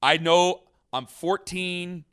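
A man casually telling a long story on a podcast, rambling and animated, with many restarts. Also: sits high, slow pace, clear, resonant tone. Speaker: podcast host.

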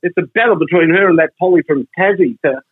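A man's voice: a little high, fast, slightly rough, no room sound, narrow, tinny audio. A man with an Australian accent chatting on radio in a wry, mocking way. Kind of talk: casual radio chat.

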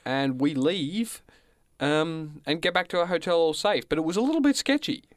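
A man's voice: on the high side, lively intonation, moderate pace, no room sound, studio quality. A man co-hosting a radio show, telling a rambling story in casual chat. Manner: rambling storyteller, acts out quoted voices. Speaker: co-host.

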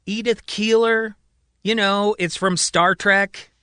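A man's voice: sits high, fairly even intonation, slow, bright, forceful tone, smooth, no room sound, pitched above the performer's own voice, exaggerated voice. A man voicing a male patient who insists he is the president, earnest and pleading.

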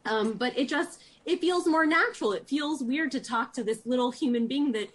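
A woman with a somewhat high voice talks in a warm, animated way as a guest on a news interview. She speaks as an occupational therapist. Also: normal speed, a loud crowd. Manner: warm, animated, lifts into high sing-song baby talk when demonstrating.

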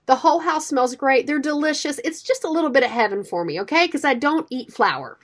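A high-pitched middle-aged woman co-hosting a radio show in casual chat. She tells animated stories and throws herself into every quoted line. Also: brisk. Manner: animated storyteller, acts out quotes.

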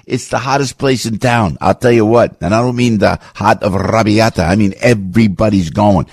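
A man in his sixties with a New Jersey accent, hosting a radio talk show with an animated, jokey pitchman's manner. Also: fairly quick, creaky, hardly any pauses, husky, no echo, clean studio sound. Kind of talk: casual radio chat and live ad read. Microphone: studio broadcast mic.

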